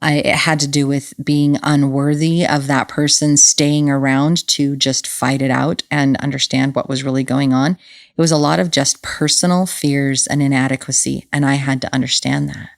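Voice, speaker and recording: A woman with a low voice speaks in an earnest, conversational way, sharing personal stories as she hosts her own show. The sound is dry and close, with no room around it. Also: fairly even intonation, moderate pace, creaky, dry recording. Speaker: podcast host. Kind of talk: reflective solo talk on relationships.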